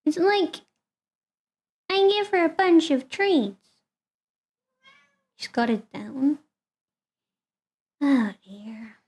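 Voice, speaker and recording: A woman with a high voice chats casually with her stream viewers. She is talkative and relaxed, and she turns to talk fondly to her cat. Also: drawn-out words, pauses often.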